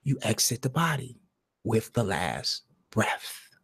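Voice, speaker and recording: A man hosting a live stream alone, talking in a slow, meditative monologue that swings from loud emphasis down to a near-whisper. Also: lowish voice, sing-song, creaky, slightly rough. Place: alone at home.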